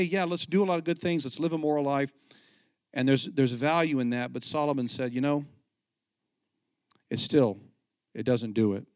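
A middle-aged man, a pastor, preaching a conversational sermon with animated storytelling and frequent restarts. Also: mid-range voice, no echo, studio quality.

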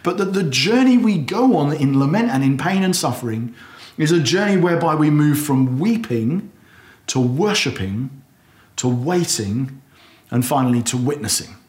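A man preaching a sermon, earnest and conversational, acting out anguished prayers loudly. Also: a little high, lively intonation, moderate pace. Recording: echoey hall.

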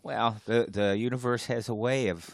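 A man's voice: medium pitch, steady tone, normal speed, vocal fry, dry recording, studio quality. A man co-hosting a podcast in casual chat, teasing his co-host with wry remarks.

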